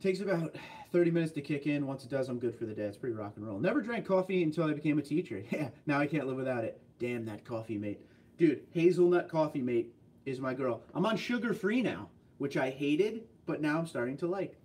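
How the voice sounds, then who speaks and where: A man's voice: a little high, animated, a little mellow, distant mic. Chatty guy, set back from the mic. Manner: chatty, rambling storyteller with quick asides. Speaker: livestream host reading viewer chat. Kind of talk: casual livestream chat.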